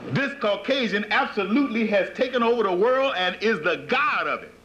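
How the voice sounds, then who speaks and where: A man's voice: sits high, lively intonation, fairly quick, a bit bright. A man preaching to followers, emphatic and repetitive, firing rhetorical questions at them, on a dull 1980s tape with faint hiss. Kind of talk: sermon-like lecture to followers.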